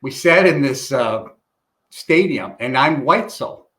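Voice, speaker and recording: A middle-aged man tells stories in a loose, conversational way, slipping into other people's voices as he recounts what they said. He speaks at an ordinary pitch, with the plain manner of a retired police chief. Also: slow pace. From Illinois, US. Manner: animated storyteller, acts out quoted dialogue. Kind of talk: casual storytelling interview.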